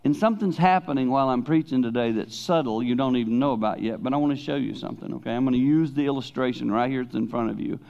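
An older man preaching a sermon, swinging between loud emphasis and hushed, personal asides. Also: mid-range voice, fast, gravelly, few pauses. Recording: dull lo-fi recording.

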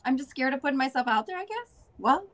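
A woman's voice: high voice, lively intonation, fairly bright tone. A woman from the Midwestern US, a guest chatting casually in an interview, upbeat and goofy, laughing often. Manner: goofy, upbeat, talks in quick bursts with laughs.

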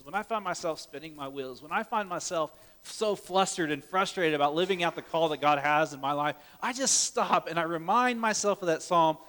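A man preaching a sermon earnestly, swinging between loud urgent lines and hushed soft ones, often repeating words as he restarts. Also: on the high side, long reverb tail. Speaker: pastor.

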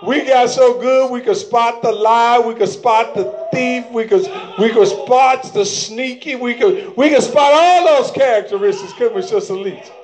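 A man preaching a sermon to his church, calling for amens and breaking into shouted bursts. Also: very high voice, moderate pace, few pauses.

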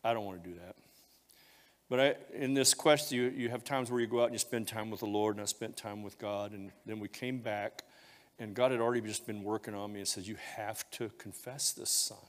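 A man's voice: on the low side, flat delivery, a little fast. A male pastor preaching a sermon, telling a personal confession in an emotional, heartfelt way. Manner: emotional confessional storytelling, voice rising when moved. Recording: long hall reverb.

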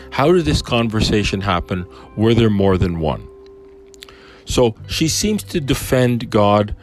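A man teaching on a Bible passage in a casual, musing way, asking lots of rhetorical questions. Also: fairly low pitch.

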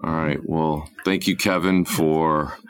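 A man hosting a podcast interview in a measured, reflective way. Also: a bass voice, steady tone, clear, resonant tone. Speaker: podcast host. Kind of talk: casual interview.

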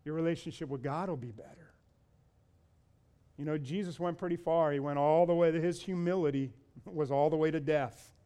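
A man preaching a sermon as pastor, pressing his listeners with rhetorical questions and building to loud, repeated appeals. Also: on the high side, fairly even intonation, normal speed, clean tone.

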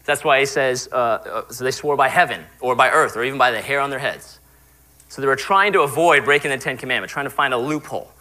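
A man's voice: mid-range voice, fast, sharp tone, low-quality recording. A man, likely a young adult pastor, giving a conversational sermon and acting out little quoted exchanges. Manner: conversational, acts out quoted voices.

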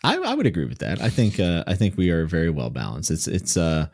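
Deep-voiced, animated podcast guy. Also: quick pace, vocal fry. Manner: animated, puts all the energy in his voice. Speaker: podcast co-host. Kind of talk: casual chat.

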